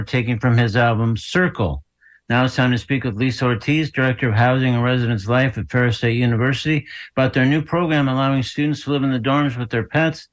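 A man's voice: mid-range voice, steady tone, brisk, rough recording. Male radio host, easy mid-range voice, upbeat and friendly interviewer. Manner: friendly and enthusiastic with guests. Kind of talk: radio talk show.

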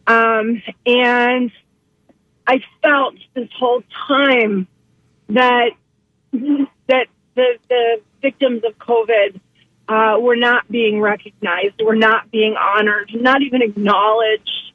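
A woman calling in to a radio show, speaking haltingly and emotionally with many pauses and restarts. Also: on the high side, no room sound. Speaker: caller. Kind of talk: phone call to a radio show. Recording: tinny phone line.

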